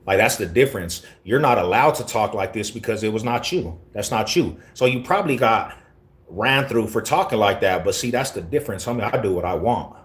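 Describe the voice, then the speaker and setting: A man's voice: fairly low pitch, lively intonation, fairly quick. A man from Colorado live-streaming and answering his chat in brash, confrontational street slang. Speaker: livestreamer reading chat. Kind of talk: casual live-stream talk.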